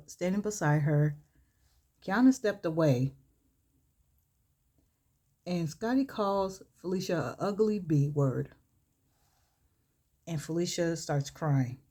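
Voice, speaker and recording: Woman beauty vlogger, low-ish voice, chatty storyteller who laughs and gushes as she works. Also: mellow, slightly rough. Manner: chatty, laughs often, gushing exclamations. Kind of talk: storytelling during a makeup tutorial.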